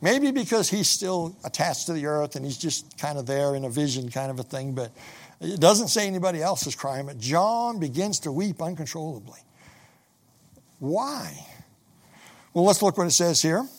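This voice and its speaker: A man's voice: on the high side, lively intonation, normal speed. A middle-aged man preaching a sermon, reading scripture aloud and often repeating himself as he builds his points.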